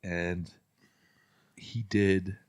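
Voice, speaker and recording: A young man co-hosting a podcast, telling a story in an animated way with frequent laughs. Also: sits low, drawn-out words, dry recording, studio quality. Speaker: podcast co-host. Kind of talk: casual chat.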